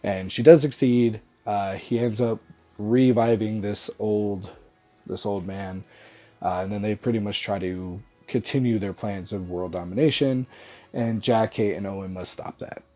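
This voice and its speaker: A man's voice: lowish voice, steady tone, measured pace, mellow, faint music behind. A young man with a stuffy, congested nose from a cold, giving a loose, rambling movie review with lots of "uh" fillers. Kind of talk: casual spoken movie review.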